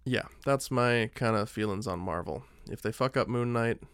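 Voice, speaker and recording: Man, podcast co-host, casual movie chat, rambling, many fillers, mid pitch, dry sound. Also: moderate pace, fairly bright tone, clean tone, dry recording.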